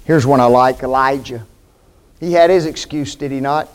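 A man's voice: medium pitch, normal speed. A man preaching a sermon, emphatic, with rhetorical questions to the congregation.

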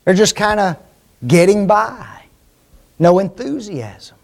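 A man with a high voice preaches a sermon. He drives his points home with emphatic repetition and keeps asking his listeners short tag questions. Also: sing-song, takes it slowly, gravelly.

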